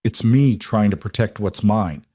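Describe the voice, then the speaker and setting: A man's voice: fairly low pitch, unhurried, warm tone, husky, no room sound, studio quality. A man voicing a possessive, intense young mafia boss who speaks in a commanding way.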